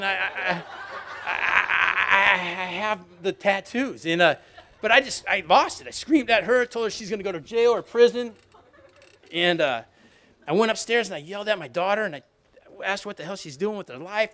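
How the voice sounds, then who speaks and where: A man's voice: a little high, fairly bright tone. A man in his forties telling a personal recovery story to an audience, candid and self-mocking, often asking "you know what I mean". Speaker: recovery speaker.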